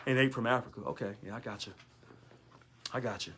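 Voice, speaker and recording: A man's voice: medium pitch, quick pace, fairly bright tone, a little hiss or hum. A man, a union local leader, talking in a sarcastic monologue full of rhetorical questions. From United States. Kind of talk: casual monologue video.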